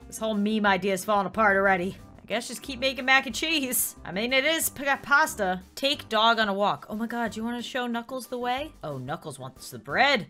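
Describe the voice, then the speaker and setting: Woman, 20s, gaming commentary, high, bright, animated. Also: normal speed, few pauses, soft background music. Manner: excitable, shrieks in surprise. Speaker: gaming YouTuber. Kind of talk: Let's Play commentary.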